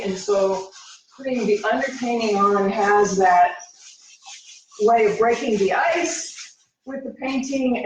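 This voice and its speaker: A woman's voice: mid-range voice, darkish tone, reverberant, a little hiss or hum, low-quality recording. A woman from the United States, a painter, chatting casually in her studio while thinking aloud, a little out of breath, recorded on a laptop. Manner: thinking aloud, rambling and halting. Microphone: laptop microphone.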